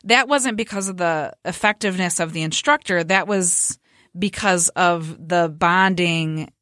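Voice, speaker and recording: A woman's voice: lowish voice, measured pace, a bit bright, no room sound, studio quality. A woman telling an emotional story in a casual podcast conversation, earnest and heartfelt.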